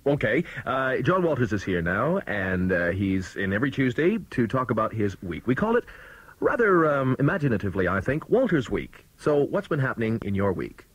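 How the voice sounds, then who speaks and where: Male radio host, relaxed and dryly amused, with a slightly husky, expressive voice. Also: medium pitch, normal speed, no room sound. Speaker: radio presenter. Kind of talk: casual studio chat. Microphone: studio microphone.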